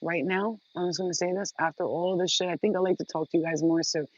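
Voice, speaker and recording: A woman's voice: fairly low pitch, steady tone, fast, no echo. A woman talking straight to her viewers in a casual vlog, blunt, emphatic and freely profane. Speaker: vlogger. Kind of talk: casual direct-to-camera talk. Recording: dull lo-fi sound.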